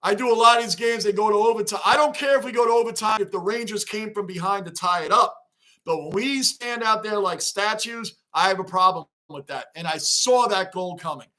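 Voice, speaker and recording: A man's voice: high voice, fairly quick. A man hosting a fan livestream, reacting emotionally to a game loss and greeting viewers in chat by name. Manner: emotional, animated, talks straight to chat. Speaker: livestream host.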